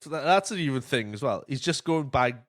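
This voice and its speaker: This podcast host is a man with a mid-range, fairly bright voice who speaks animatedly and a little fast. He chats casually, spinning stories full of swearing and acted-out quotes, recorded in clean studio sound with no room tone.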